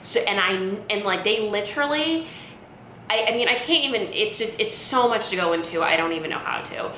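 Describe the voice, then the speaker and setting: A woman in her late twenties with a bright, forward voice rambles through a storytime vlog, peppering every sentence with "like." The room is echoey, and a faint hum sits underneath. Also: mid-range voice, a little fast. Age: late 20s. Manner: rambling, many "like" fillers, animated retelling. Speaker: vlogger. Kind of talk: casual storytime monologue.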